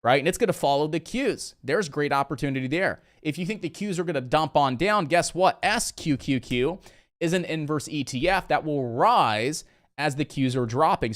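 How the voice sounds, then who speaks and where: A man from Indiana hosting a casual live trading stream, chatty and energetic, talking straight to his viewers. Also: medium pitch.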